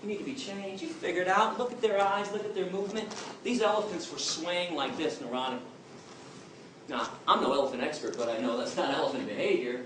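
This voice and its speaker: At a public talk in a large, echoey hall, a man answers audience questions, telling stories in an emphatic, plain-spoken way. His voice is fairly high and fairly quick, and the recording is noisy, captured from far off with lots of hall echo.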